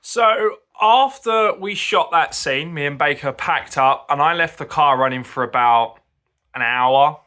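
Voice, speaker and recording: A man with a bright, forceful voice hosts a casual car repair vlog. He chats easily and explains what he is doing as he works on the car. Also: mid-range voice, clean tone. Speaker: car vlogger.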